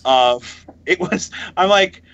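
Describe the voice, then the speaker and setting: A man co-hosting a podcast in casual chat, rambling and excitable, laughing often. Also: high-pitched, slow, smooth, muffled recording. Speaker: podcast co-host.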